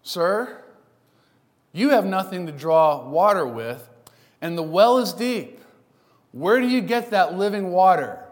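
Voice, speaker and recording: A man's voice: sits high, very animated, takes it slowly, long pauses, long reverb tail, pitched above the performer's own voice, heavily acted. A man doing a snarky indignant woman. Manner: sarcastic, challenging.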